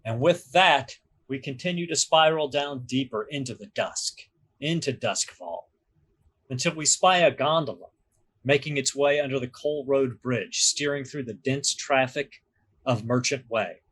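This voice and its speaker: A man narrating a tabletop game as game master, describing scenes in a measured storytelling manner. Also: mid-range voice, fairly bright tone, breathy edge.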